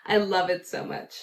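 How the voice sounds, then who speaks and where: A woman hosting a casual solo gossip podcast, chatty and animated, laughing often and acting out the people she quotes. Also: on the low side. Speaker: podcast host.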